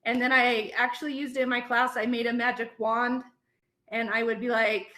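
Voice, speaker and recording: A woman's voice: fairly high pitch, level tone, a little fast, bright, forceful tone, reverberant, rough recording. A woman who teaches preschool, loosely and chattily retelling a children's book over a video call. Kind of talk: casual sharing in a class discussion.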